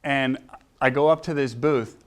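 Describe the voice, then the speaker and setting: A man's voice: medium pitch, fairly even intonation, a little slow. A man in his sixties, a chiropractor, telling personal stories to a live audience, acting out quoted voices and throwing questions to the crowd. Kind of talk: anecdotal talk to a live audience.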